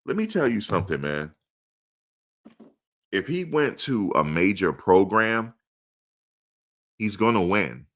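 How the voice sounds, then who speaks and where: A man's voice: lowish voice, very animated, takes it slowly, pauses often, fairly bright tone. A man hosting a live sports stream, answering chat with emphatic, repeated rhetorical questions. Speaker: livestream host.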